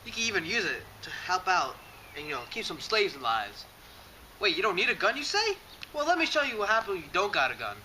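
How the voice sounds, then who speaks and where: Lively high-voiced pitchman in a parody ad. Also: fairly quick, rough recording. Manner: salesy pitchman, lively and pushy. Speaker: mock ad announcer. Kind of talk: parody commercial. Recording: loud hiss.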